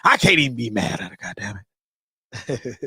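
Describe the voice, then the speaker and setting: A tired man from the US West Coast hosting a late-night live stream, talking loudly in profane, rambling banter. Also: medium pitch, sing-song, normal speed, slightly rough, no room sound, clean studio sound.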